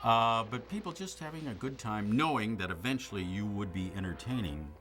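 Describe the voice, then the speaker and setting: Older guy, real low husky voice, dry jokey stories, bounces around in pitch. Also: brisk, soft background music. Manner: dry, joking, deadpan asides. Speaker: comedic actor recalling a film. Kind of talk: reminiscing interview.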